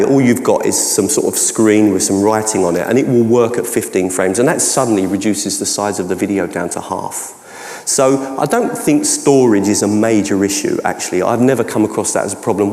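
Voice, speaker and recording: A man's voice: lowish voice, a little mellow. A man with a Cockney accent, a keynote speaker, answering audience questions at length with many restarts and hedges, recorded in a large conference hall. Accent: London Cockney. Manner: rambling, frequent restarts and hedges. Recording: echoey hall, long reverb.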